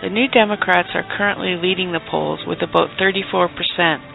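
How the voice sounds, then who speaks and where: In a mock news report, a man plays a brash, flirty Canadian woman bureau chief who cheekily drops exaggerated "eh" and "hosers." He pushes his voice high above its natural pitch, with vocal fry, fairly even intonation and a fairly quick pace. The recording sounds tinny and phone-like, with faint music.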